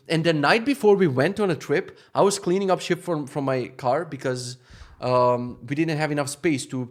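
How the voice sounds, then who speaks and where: A young man telling a travel mishap story in a casual rant, exasperated and swearing, with animated bursts of frustration. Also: fairly high pitch. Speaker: vlogger.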